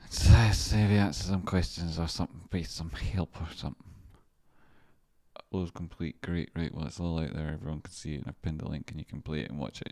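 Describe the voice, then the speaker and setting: A Scottish man with a deep, low voice chatters casually on a live stream, often mumbling and muttering to himself as he works. The sound is dry and close, with little room. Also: steady tone, a little fast, mellow, no room sound. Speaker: livestreamer and stock chart analyst.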